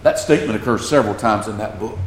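With a fairly low voice and a quick pace, a pastor from the Southern United States preaches earnestly and swells into emphasis on scripture readings. The recording is reverberant, with slight background noise.

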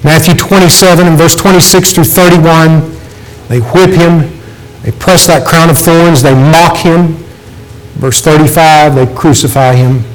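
Earnest preacher man, slightly high voice. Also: steady tone, measured pace, faint music behind, poor audio. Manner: earnest pleading, rising in pitch for emphasis. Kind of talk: sermon.

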